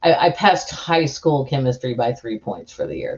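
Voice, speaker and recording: A woman's voice: very deep voice, big pitch swings, normal speed, a little mellow, highs cut off. A woman hosting a live stream, chatting casually in a giggly, rambling way with lots of restarts.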